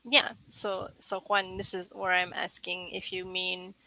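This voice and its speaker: A woman teaching over a video call, speaking slowly with a gravelly fry. Her tone is bright and crisp. She explains patiently and keeps checking that her student follows. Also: lowish voice, level tone, rough recording. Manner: patient, slow and clear, checks with "right?". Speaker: English tutor. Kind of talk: online English lesson.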